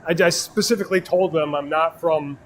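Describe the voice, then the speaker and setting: A man from Wisconsin with a Wisconsin accent, chatting casually while he works at glassblowing on a livestream, relaxed and quick to laugh. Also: a little high, a little hiss or hum. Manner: relaxed, laughs often, chats while working. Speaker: glassblower streaming his work. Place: glassblowing studio.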